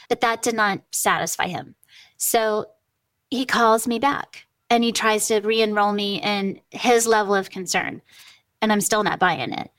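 A woman's voice: mid-range voice, fairly even intonation, unhurried, a bit bright, no room sound. A middle-aged woman hosting a podcast, telling a personal family story in a candid, conversational way and acting out the dialogue. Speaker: podcast host.

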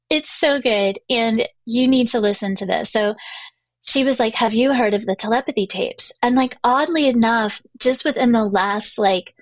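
A woman's voice: a little high, normal speed, no echo. A middle-aged woman hosting a podcast, telling a personal story in a chatty way, full of fillers and restarts. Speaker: podcast host. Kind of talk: casual storytelling monologue.

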